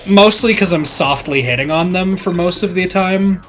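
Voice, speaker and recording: A man chatting casually during a game session, telling lively stories and acting out other people's lines. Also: sits high, normal speed, soft background music. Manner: animated storyteller who acts out quoted voices. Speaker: co-host of a gaming let's play. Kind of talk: casual chat.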